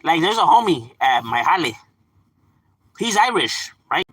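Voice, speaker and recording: A man talks loosely to his stream viewers, his pitch swinging up and down as he goes. His voice is bright and forward, and it sounds close and dry with no room echo. He swears casually and laughs easily. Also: big pitch swings, unhurried, breathy edge. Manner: loose and profane, laughs often, lots of fillers; chatting back to unseen viewers. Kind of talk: casual live-stream chat.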